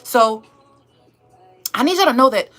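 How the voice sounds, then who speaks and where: Brief: woman vlogger, bright slightly high voice, emphatic motivational pep talk, plenty of repetition. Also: lively intonation, unhurried, faint music behind. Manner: emphatic, repetitive, calls viewers y'all and babe. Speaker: YouTuber.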